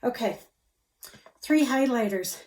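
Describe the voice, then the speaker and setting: Slow, gushing higher-voiced woman. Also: animated, darkish tone. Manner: gushing, slow and chatty, lingering on words. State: slightly out of breath. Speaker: beauty vlogger. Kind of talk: casual product review.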